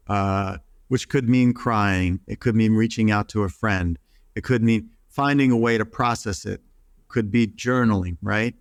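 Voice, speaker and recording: A man's voice: fairly low pitch, creaky, no room sound, studio quality. A middle-aged man, a psychotherapist, talking earnestly in an interview and stumbling through restarts. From United States. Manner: earnest, acts out quoted voices, many restarts. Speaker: psychotherapist guest. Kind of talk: reflective interview talk.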